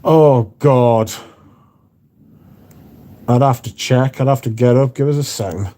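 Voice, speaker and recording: A man with a mellow, dark-toned voice hosts a casual livestream. He talks loosely and mutters and curses to himself between thoughts. His voice sits at an ordinary middle pitch. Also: brisk. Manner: chatty, muttering and swearing to himself. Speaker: livestream host. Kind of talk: casual livestream chat, reading out viewer comments.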